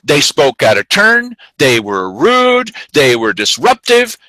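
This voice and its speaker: Lively, bright-voiced male talk host. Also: fairly high pitch, takes it slowly, no echo, rough recording. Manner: animated storytelling, acts out quotes. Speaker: show host. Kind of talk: casual chat.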